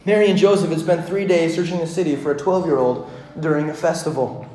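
A pastor in his thirties preaching a sermon, telling a family story in a conversational way full of fillers, moving between hushed and loud passages. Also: a little high, fairly even intonation, fast talker. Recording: echoey room.

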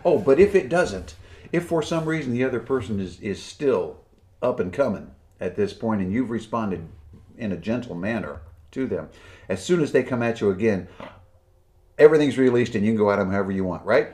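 A man co-hosting a casual podcast, explaining his points in a measured way. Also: lowish voice, animated, dark tone. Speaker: podcast co-host.

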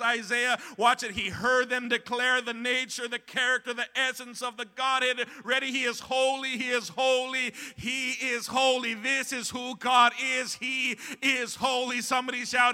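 A man's voice: very high voice, little pitch movement, moderate pace, pushed and bright, big-room sound. A man preaching a sermon as pastor in a church sanctuary, impassioned and repetitive, calling out to the congregation.

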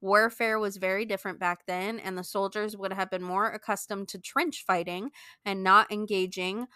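Bright giggly woman podcaster. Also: medium pitch, fairly even intonation, normal speed, clean tone, no echo, clean studio sound. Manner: giggly, amused, breaks into laughs. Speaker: podcast co-host. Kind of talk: casual chat, reading a listener letter.

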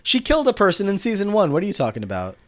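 A man co-hosting a podcast casually recaps a TV episode, quoting the characters as he tells it. His voice is high-pitched and races along, its pitch swooping wildly.

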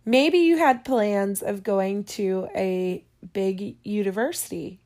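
Woman, unhurried, casual and digressive advice-giving vlogger. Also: mid-range voice, darkish tone. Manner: chatty, digressive, yawning often.

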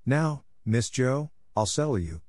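A man voicing a boastful, excitable young English gentleman in a storybook reading. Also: mid-range voice, a little slow, dry recording, studio quality, pitched above the performer's own voice, natural voice. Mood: cocky. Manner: excited, cocky.

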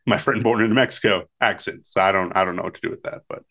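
A man's voice: low-pitched, fast, sharp tone. A man with a Texan accent co-hosting a podcast, chatting casually and laughing between remarks. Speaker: podcast co-host. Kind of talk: casual chat about a movie.

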